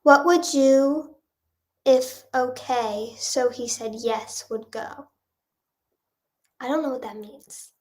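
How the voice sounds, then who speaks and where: A young singer-songwriter with a nasal voice answers chat questions on a casual phone or webcam livestream, rambling with lots of fillers. She speaks high and slowly, pausing often.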